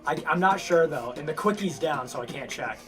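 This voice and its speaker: Rambling man with a higher voice. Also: animated, music in the background. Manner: rambling, halting, many fillers and restarts. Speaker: lore storyteller among friends. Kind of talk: casual chat.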